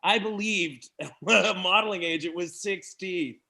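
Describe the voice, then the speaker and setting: A young man from Canada doing a stand-up set at an online open mic, animated and laughing at his own jokes. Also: sits high, measured pace, creaky. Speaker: stand-up comedian.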